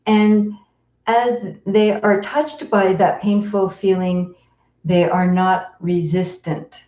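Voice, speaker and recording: A woman meditation teacher giving a live-streamed dharma talk in a gentle, tender, unhurried way with soft pauses. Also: mid-range voice, steady tone. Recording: roomy echo, dull lo-fi sound.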